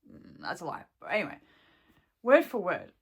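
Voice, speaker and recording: A woman's voice: lowish voice, huge pitch swings, moderate pace, gravelly, breathy edge. A young woman and shop worker venting to her camera at home, swearing heavily and rambling, close to tears. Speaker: vlogger and shop employee.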